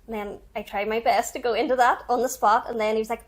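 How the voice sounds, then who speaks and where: A young woman speaks in a slightly higher voice, talking through her stories in an earnest, reflective way. She backs up her friend with frequent agreement. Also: steady tone, fast talker, few pauses, a bit bright. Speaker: actress and guest. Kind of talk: casual chat.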